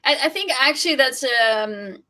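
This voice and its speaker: A woman guest, a sex coach, chatting casually, laughing often and agreeing with quick yeahs. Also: high voice, animated, bright, forceful tone. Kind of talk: casual chat.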